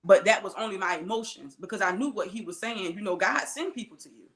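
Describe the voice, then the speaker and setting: A woman's voice: mid-range voice, quick pace, a bit bright, reverberant. A woman guest telling her life story in an earnest, conversational way, with many asides and acted-out quotes. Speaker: interview guest.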